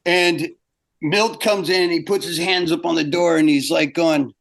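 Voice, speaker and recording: Older man, interview guest, animated storyteller, acts out quotes. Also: on the high side, moderate pace, gravelly.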